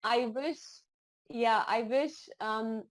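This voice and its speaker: A woman's voice: a little high, drawn-out words. Emotional, enthusiastic woman guest. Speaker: podcast guest. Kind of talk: casual interview chat.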